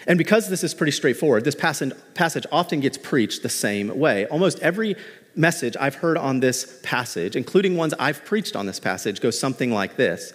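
A man pastor preaching a sermon in a conversational, animated way, mixing in light humor, in a church. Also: mid-range voice, fast talker, slightly rough, big-room sound. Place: church sanctuary.

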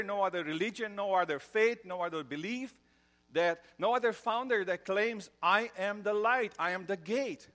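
A man's voice: high voice, fairly bright tone. Man preaching a conversational sermon. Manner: conversational, with fillers and joke telling. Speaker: pastor.

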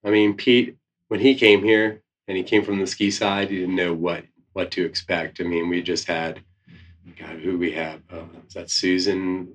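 Brief: very low male voice, rambling colleague, a bit off-mic. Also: steady tone, moderate pace, distant mic. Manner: rambling, searching for words. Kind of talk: casual tribute.

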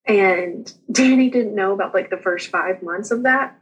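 A young woman with a slightly husky voice tells her own story as a guest on an interview show. She talks casually and quickly, with chatty asides, and laughs often through her anecdotes. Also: medium pitch, poor audio.

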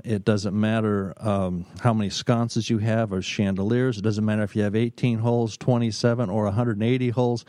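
Man, middle-aged, business consultant, storytelling talk, emphatic pauses, low pitch, warm voice. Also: no echo. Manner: emphatic, drawn-out pauses, repeats words.

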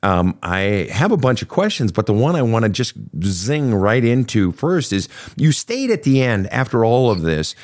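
A man's voice: mid-range voice, big pitch swings, moderate pace, few pauses, a little mellow. A man hosting a counseling podcast, talking emphatically and repeating himself as he thinks aloud. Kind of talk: conversational counseling talk.

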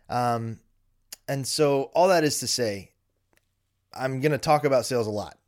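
A man's voice: medium pitch, a little mellow. A man in his thirties hosting a casual solo podcast from his home basement, candid and self-deprecating, with frequent ums. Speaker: podcast host.

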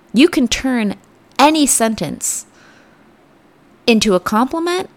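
A woman with a gravelly, vocal-fried edge to her mid-pitched voice hosts a motivational self-help podcast. She speaks earnestly and reflectively, often sinking into soft, near-whispered phrases. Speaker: podcast host.

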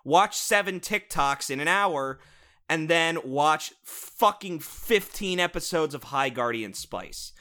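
Taking it slowly yet staying animated, a young man speaks in a fairly high voice with a sharp tone. As a podcast co-host reviewing cartoons, he rants sarcastically with lots of swearing in a casual, comedic way.

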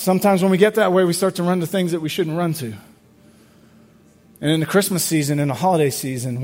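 A male pastor with a high-pitched voice delivers a sermon. He talks to the congregation conversationally, throws questions at them and often repeats his words as he goes.

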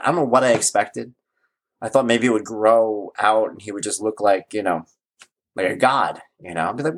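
Low-voiced man telling a wry story. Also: moderate pace. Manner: storytelling, wry and emphatic, repeats phrases. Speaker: parenting blogger. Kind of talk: casual vlog monologue.

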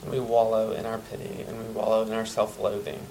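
A man's voice: lowish voice, completely flat delivery, a little fast, vocal fry, slight background noise, low-quality recording. Earnest preacher man. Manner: earnest, emphatic, drops to soft tones for tender passages. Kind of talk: sermon.

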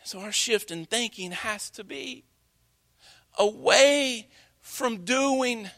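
A man preaching a sermon in a church, with slow, dramatic emphasis. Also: very high voice, fairly bright tone. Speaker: pastor. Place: church sanctuary.

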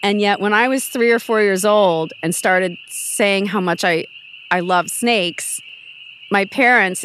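Low-voiced woman telling family stories. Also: a little hiss or hum, poor audio. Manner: emotional, animated, quotes family in raised voice, frequent restarts. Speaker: podcast guest. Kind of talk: casual conversational storytelling.

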